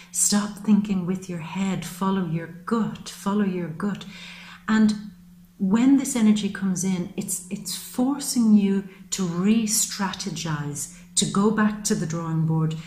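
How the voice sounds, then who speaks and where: A woman's voice: mid-range voice, warm tone, slight background noise. A woman giving an earnest, flowing monthly tarot reading to camera, repeating phrases for emphasis. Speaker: tarot reader. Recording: roomy echo.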